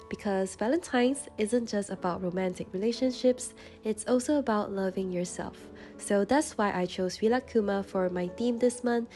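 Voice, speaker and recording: This voice-over for a journaling channel comes from a young woman whose runny nose leaves her sounding slightly stuffy. She speaks calmly and gently in a warm, mellow, mid-pitched tone over quiet, soft background music.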